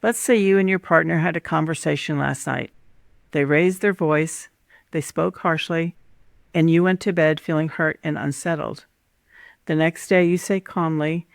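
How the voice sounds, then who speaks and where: A woman host speaks in a calm, measured teaching voice, taking her listener through her points one by one. Her tone carries a gravelly fry, and the recording is close and dry with no room sound. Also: low-pitched, dry recording. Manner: calm, measured, instructive, lays out numbered points. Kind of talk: scripted teaching monologue on relationships.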